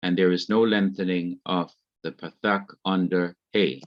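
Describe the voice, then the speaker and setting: A man lectures on grammar at a slow, measured pace, spelling out terms and repeating each example. His voice sits fairly low. The recording is dull and lo-fi, with a dry, close sound. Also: steady tone, no room sound. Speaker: Hebrew teacher.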